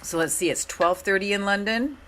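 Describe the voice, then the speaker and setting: A middle-aged woman hosting a live coaching stream, speaking in a gentle, encouraging way with a hoarse voice and often repeating her phrases. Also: medium pitch, brisk, slight background noise.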